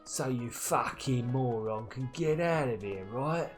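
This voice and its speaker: A man's voice: mid-range voice, animated, measured pace, faint music behind, lightly acted. A man voicing a rude male monastery guard in a Cockney accent, blunt and insulting. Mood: mocking.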